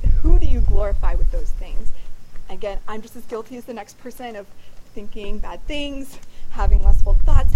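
A young woman in her late teens giving a chatty, earnest talk to confirmation students and parents, on a noisy recording with clicks. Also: a little high. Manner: chatty, earnest, frequent 'like'. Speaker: youth speaker at a confirmation event. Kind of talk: casual inspirational talk.

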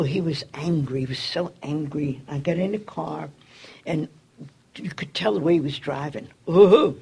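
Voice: gravelly, a little mellow, husky. An older person telling a personal story, acting out the people in it with raised voices. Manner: acts out quoted dialogue with raised pitch. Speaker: storyteller recalling community work.

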